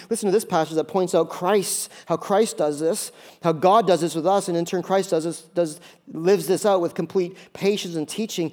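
A male pastor giving a conversational sermon with jokey asides and lively emphasis. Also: high voice, moderate pace.

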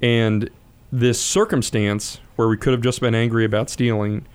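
A man who is a guest on a faith talk show, telling a story about his son in a steady, articulate, measured way. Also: medium pitch, clear, resonant tone.

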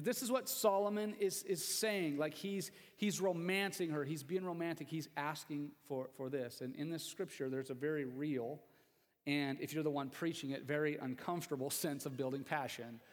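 Preaching in a church sanctuary, a man with a fairly high voice keeps his sermon chatty, full of jokes and asides to the congregation. A long reverb tail trails his words.

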